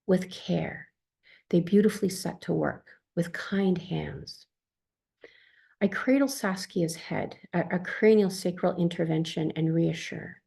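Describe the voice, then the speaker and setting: A woman calmly reading her own first-person account as a therapist, in a soft, tender manner. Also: lowish voice, measured pace, creaky, breathy edge.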